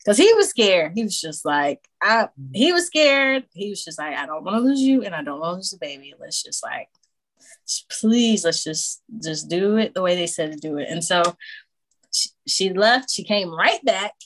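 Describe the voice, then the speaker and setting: A woman guest on a podcast casually telling a personal story, animated, acting out what others said and laughing often. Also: medium pitch, normal speed. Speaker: podcast guest, new mother.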